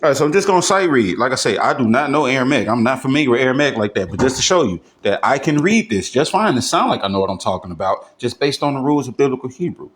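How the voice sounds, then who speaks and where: A man's voice: mid-range voice, big pitch swings, fast talker, hardly any pauses, a little hiss or hum. A man giving a casual, step-by-step grammar lesson, often checking in with his listeners. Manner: talks things through loosely, often asks "you know what I'm saying?". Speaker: self-taught Hebrew grammar teacher.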